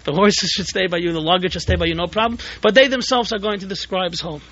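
A man's voice: high-pitched, fast, fairly bright tone. A man voicing a plain-spoken male coachman who answers in a matter-of-fact way, on a dull lo-fi tape recording.

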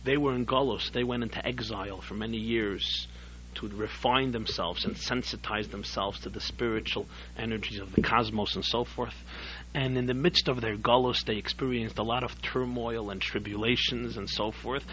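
A man teaching a Torah class as a rabbi, telling a story in an animated way that swells to emphatic peaks. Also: mid-range voice, normal speed. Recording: dull lo-fi recording with faint hum.

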